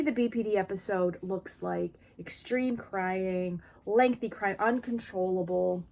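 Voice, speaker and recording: A woman's voice: medium pitch, creaky. Candid woman talking to camera. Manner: candid, frank and expressive. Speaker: vlogger sharing lived experience. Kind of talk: casual personal talk to camera.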